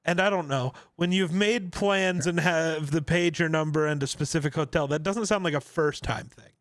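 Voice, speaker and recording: A young man with a slightly high voice, cracking jokes and laughing through a casual podcast chat. He sounds close to the mic, with almost no room echo. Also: moderate pace, fairly bright tone. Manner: joking, bursts into laughter. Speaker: podcast co-host.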